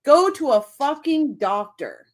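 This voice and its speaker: Woman streamer chatting with her viewers, slow and deliberate, blunt and sweary. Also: sits high, sing-song. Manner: blunt and profane, indignant. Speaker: true crime livestream host. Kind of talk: casual livestream chat, reading comments.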